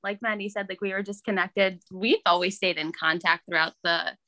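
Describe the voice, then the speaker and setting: A young woman in casual chat, telling stories in an animated way, laughing often and acting out what others said. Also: mid-range voice, normal speed. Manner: animated storyteller, laughs often, acts out quoted voices. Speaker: guest.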